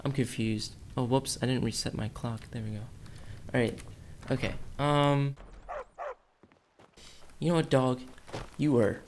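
A young gaming YouTuber with a steady, medium-pitched voice rambles and jokes in let's-play commentary, chatting to the characters on screen at a measured pace with frequent pauses. Game music plays behind his voice, along with a faint hiss or hum.

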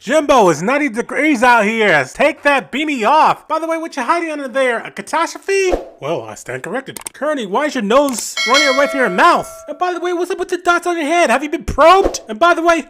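A man doing a comedic roast voice-over, talking in animated slang, mock-outraged and shouting his jabs. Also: very high voice, a little fast, few pauses. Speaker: roast commentator. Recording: voice-over with loud music underneath. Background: music.

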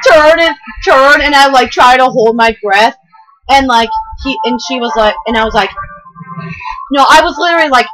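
A woman's voice: high-pitched, normal speed, fairly bright tone, soft background music, rough recording. A young female gamer rambling through let's play commentary with lots of fillers.

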